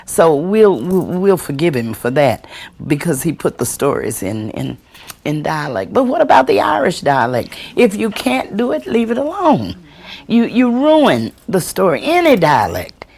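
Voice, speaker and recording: Woman storyteller, gravelly, husky, slow, lively pitch, workshop talk. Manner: expressive, acts out quoted voices; slow, deliberate delivery with chuckles. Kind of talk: workshop talk answering audience questions.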